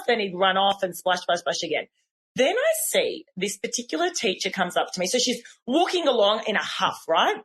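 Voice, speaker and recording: A woman, a podcast host telling personal stories in a casual, animated and self-deprecating way. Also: a little high.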